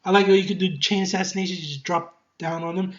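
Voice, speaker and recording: An excitable game reviewer talking casually, swearing often, laughing a lot and rambling with many fillers and restarts. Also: medium pitch, fast, dull audio, a little hiss or hum.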